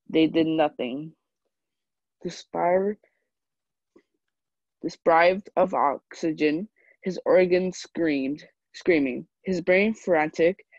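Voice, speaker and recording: A student reader giving an impassioned poetry reading with a slow, repeated refrain. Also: medium pitch, darkish tone, no room sound. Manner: slow, repetitive refrain delivery. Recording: dull, dry lo-fi recording.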